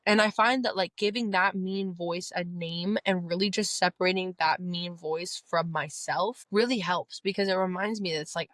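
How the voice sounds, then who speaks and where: A woman's voice: fairly low pitch, moderate pace, hardly any pauses, a bit bright, no room sound. A young woman hosting a self-help podcast, talking straight to the listener in an earnest, coaching way. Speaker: podcast host. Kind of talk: motivational self-help talk.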